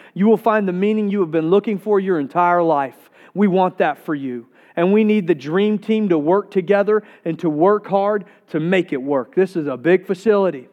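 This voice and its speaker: A male pastor preaching a sermon with energy, repeating words as he gets excited. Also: a little high.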